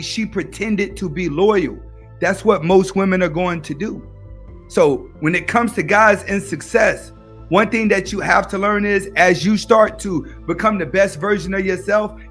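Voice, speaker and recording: A man's voice: high voice, a bit bright. A young man in a casual, preachy monologue, giving advice and repeating his points. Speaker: YouTube commentator.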